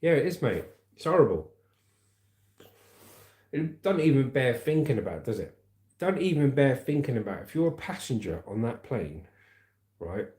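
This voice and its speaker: A man chats casually on a livestream, rambling along as he reads viewer comments aloud. His voice sits mellow and dark, at a middling pitch. The sound carries the echo of a roomy space. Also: sing-song, normal speed, pauses often. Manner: chatty, rambling, calls viewers mate and brother. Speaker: livestream host reading chat. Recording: roomy echoey room.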